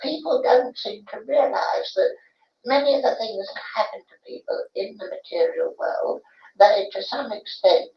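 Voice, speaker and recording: A woman on a séance recording giving slow, earnest teaching. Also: on the high side. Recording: dull, roomy old tape from far off.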